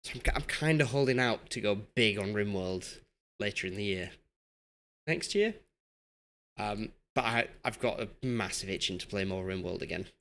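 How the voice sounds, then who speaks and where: A young man from Yorkshire talks casually to his viewers as he streams, excitable and chatty. His pitch swings lively up and down as he reacts to the chat. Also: normal speed. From Yorkshire, England. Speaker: game streamer. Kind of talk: casual live-stream commentary.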